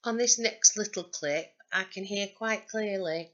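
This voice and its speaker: A woman's voice: medium pitch, unhurried, highs cut off, very noisy. A woman with a Northern English accent, presenting her paranormal recordings in a chatty, wry commentary. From north of England. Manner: chatty and wry, dry humour. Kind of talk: narrated commentary over recorded clips.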